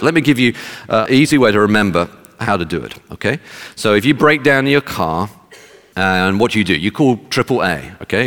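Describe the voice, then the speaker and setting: A man's voice: fairly low pitch, a bit bright, big-room sound. A man preaching a sermon, emphatic and fond of rhetorical questions, speaking to a congregation.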